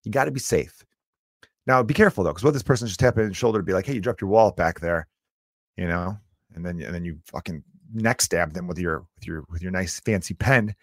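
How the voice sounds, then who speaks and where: A man hosting a podcast in a solo comedic rant, rambling and profane, swinging between loud bursts and low mutters. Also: brisk, no echo, clean studio sound.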